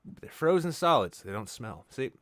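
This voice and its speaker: A male podcast host riffing absurd deadpan bits in easy casual chat. His pitch moves a lot as he jokes, and the sound is close and dry with no room. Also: fairly quick, dry recording.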